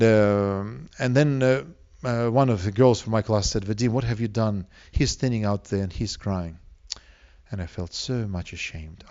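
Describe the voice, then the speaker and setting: A man's voice: mid-range voice, darkish tone. Earnest male preacher, dull lo-fi sound. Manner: earnest, asks the congregation questions. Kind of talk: sermon.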